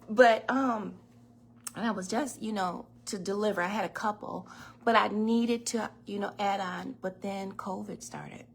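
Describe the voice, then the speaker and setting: A woman's voice: mid-range voice, steady tone, measured pace, gravelly, a little hiss or hum. A woman talking casually on a kitchen livestream as host, telling stories with laughs and the odd swear word. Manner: chatty storyteller, laughs and swears freely. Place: home kitchen. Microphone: phone or webcam in a home kitchen.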